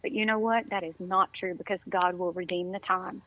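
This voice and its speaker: A woman's voice: fairly low pitch, steady tone, fairly quick, no room sound, dull audio. A woman speaking as a podcast guest in casual conversation, upbeat, encouraging and effusive.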